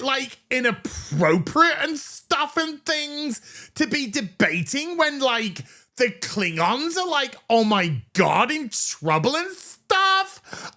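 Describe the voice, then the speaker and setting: A shrill, airheaded young woman cadet whines about everything in a squeaky voice that leaps up and down, as a man puts her on in a mocking falsetto. She drags her words out slowly and stuffs every phrase with fillers. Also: bright, forceful tone, heavily acted. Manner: ditzy, breathy, filler-heavy mockery with "like" and "and stuff".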